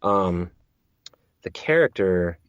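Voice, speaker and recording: A man's voice: low-pitched, expressive, takes it slowly, clean tone, no echo, highs cut off. A man who narrates audiobooks, chatting as an interview guest, rambling with many restarts and repeated words. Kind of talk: casual interview chat.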